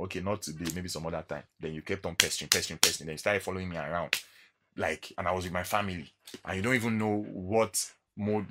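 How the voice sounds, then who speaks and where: A man's voice: sits low, heavy background noise. A man with a Nigerian accent, vlogging in a casual monologue and acting out encounters as he tells them. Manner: animated storytelling, acting out encounters.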